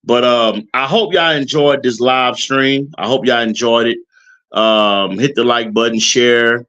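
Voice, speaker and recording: Male stream host, mid-pitched, casual, hesitant filler-heavy delivery. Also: clear, resonant tone, lo-fi sound. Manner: relaxed, halting, many fillers. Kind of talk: casual live stream chat.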